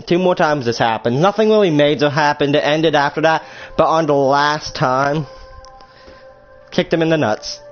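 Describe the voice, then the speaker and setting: A man's voice: on the high side, normal speed. A young man casually telling a story about his school days, rambling with lots of fillers, restarts and swearing. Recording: dull lo-fi recording with faint music.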